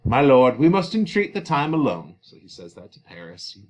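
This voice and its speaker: A man teaches a play in a sing-song voice at normal speed. He reads the quoted lines louder and higher, then paraphrases them casually, chatting with fillers.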